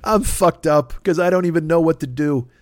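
A man rants in a comedic podcast monologue, exasperated and swearing, tripping over his own restarts. His voice sits a little high for a man. The sound is dry and close, with no room around it. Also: moderate pace, dry recording. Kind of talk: profane comedic rant.

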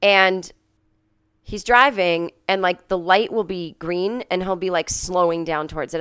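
A sick woman hosting a podcast from home, telling a story in a casual monologue, coughing and clearing her throat, and acting out the people she quotes. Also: on the low side, normal speed. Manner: animated, acts out quoted people in a raised voice. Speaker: podcast host.

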